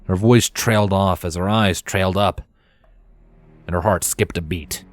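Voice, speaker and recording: Low-voiced man reading a story. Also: fairly even intonation, unhurried, no echo. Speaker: fanfiction reader. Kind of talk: scripted narration.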